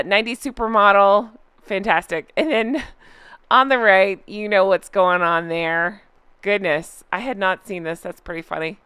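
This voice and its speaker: A woman's voice: medium pitch, fairly bright tone, clear, resonant tone, no echo. A woman hosting a casual reaction commentary channel, chatty and amused as she reads out online posts. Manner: chatty, amused, frequently laughing.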